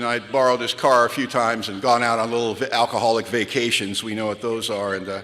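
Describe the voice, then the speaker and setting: A man's voice: medium pitch, a bit bright. A man speaks candidly to a live crowd, mocking himself and telling his story with drama. His voice sits in the middle of the usual range. A long hall reverb trails behind every line. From United States. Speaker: recovery speaker. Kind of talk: storytelling talk to a live audience. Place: large hall.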